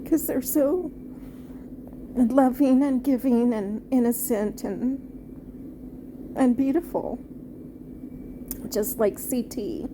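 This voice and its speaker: A woman and former teacher reviewing a film off the cuff, halting and heartfelt, with many fillers and restarts. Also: sits high, background noise. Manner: tender, heartfelt.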